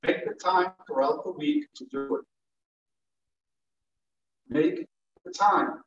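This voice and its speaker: A male teacher giving a classroom lecture to students, animated and playful, acting out examples as he goes. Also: high voice, slow, creaky. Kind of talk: classroom lecture on public speaking. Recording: echoey classroom from far off, dull.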